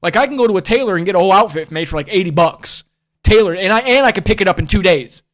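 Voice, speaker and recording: A man with a notably high voice hosts a loose livestream podcast. He rambles, swears freely and keeps calling his listeners bud and bro. He speaks bluntly and comes back to the same points again and again. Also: animated, fast talker, fairly bright tone. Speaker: podcast host. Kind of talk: casual livestream podcast chat.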